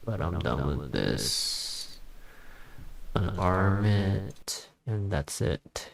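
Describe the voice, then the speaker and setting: A man casually talking through a music software tutorial in a rambling, offhand, self-deprecating way. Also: deep voice, expressive, very slow, creaky, dry recording. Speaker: tutorial host. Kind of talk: casual screen-recording tutorial.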